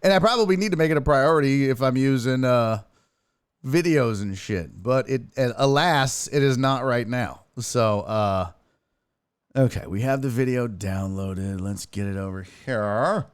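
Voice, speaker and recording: A man hosting a casual streamed sports talk show, profane and excitable, chatting with his viewers. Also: mid-range voice, unhurried, clear, resonant tone, no room sound, clean studio sound. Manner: profane, excitable, talks to chat.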